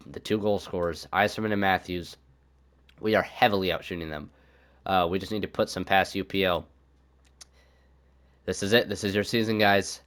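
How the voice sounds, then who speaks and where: A man's voice: lowish voice, fairly bright tone. A young man commenting on his own hockey video game season, thinking aloud and swearing when things go wrong. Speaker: gaming YouTuber.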